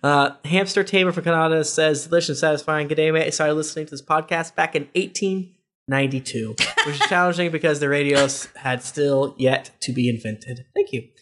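A man hosting a podcast, reading listener reviews aloud with quick asides and laughter. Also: a little high, a bit bright, a little hiss or hum. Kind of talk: casual podcast chat.

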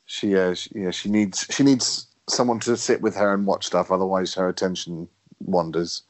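A man's voice: low-pitched, fairly even intonation, normal speed, no echo. A man co-hosting a podcast, chatty and teasing, swearing freely. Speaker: podcast co-host. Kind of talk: casual chat.

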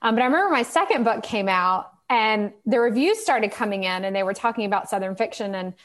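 A woman novelist from the American South who tells stories in an animated, chatty way, often filling her sentences with "like". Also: medium pitch, fairly quick. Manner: animated storytelling, chatty, many "like"s. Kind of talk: casual conversation about writing.

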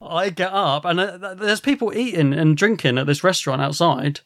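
A man, a podcast host, telling a rambling, animated story and swearing a lot. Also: sits high, a little fast, no room sound, studio quality. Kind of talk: casual storytelling.

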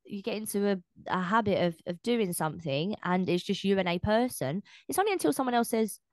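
Animated, swearing woman podcast co-host. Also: mid-range voice, a little fast, no echo. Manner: animated, swears, acts out quoted speech. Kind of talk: casual chat.

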